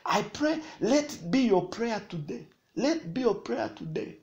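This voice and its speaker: A man preaching a sermon, swinging between loud declarations and quiet, chuckling asides. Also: sits high, sing-song, slow pace, long pauses.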